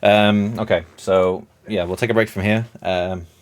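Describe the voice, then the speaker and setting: A man running a tabletop game as dungeon master, narrating slowly with many pauses and fillers. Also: on the low side, fairly even intonation. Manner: slow, halting narration with many ums, laughs often.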